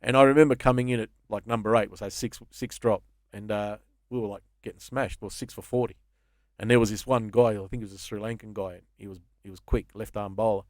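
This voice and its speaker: A man's voice: lowish voice, steady tone, fast, no echo, clean studio sound. An Australian man in his fifties, a comedian and podcast guest, telling rambling stories with plenty of swearing in a casual chat. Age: 50s.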